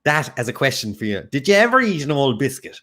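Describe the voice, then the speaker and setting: Cork-accented male quiz host, mid-pitched, casual and joking, reads viewer messages aloud. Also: very animated, fairly bright tone. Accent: Irish, Cork. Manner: quick, jokey, reads out viewer comments. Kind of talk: casual livestream chat.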